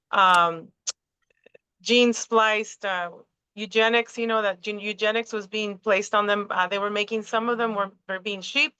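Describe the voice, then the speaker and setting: Host, woman; excitable, swearing, rambling; lo-fi call sound. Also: mid-range voice, clean tone, dry recording. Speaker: podcast host. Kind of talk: casual conspiracy chat. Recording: dull lo-fi call audio.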